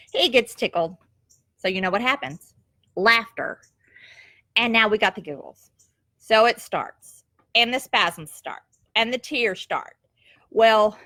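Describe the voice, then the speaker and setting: A middle-aged woman telling a family story on camera at home, lively and quick to laugh, with homespun phrasing. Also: mid-range voice, dry recording. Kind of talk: casual storytelling. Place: at home, goats nearby.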